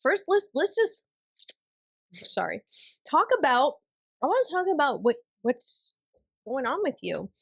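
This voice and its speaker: A woman's voice: high-pitched, big pitch swings, measured pace, gravelly, pauses often, no room sound. Giggly woman host, dry close mic. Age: 30s. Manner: bubbly, giggly, chatty. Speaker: podcast host. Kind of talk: casual chat.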